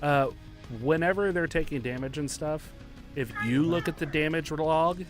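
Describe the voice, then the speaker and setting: A man's voice: on the high side, normal speed, music in the background. A teasing, giggly man chatting casually with his tabletop game group. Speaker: player.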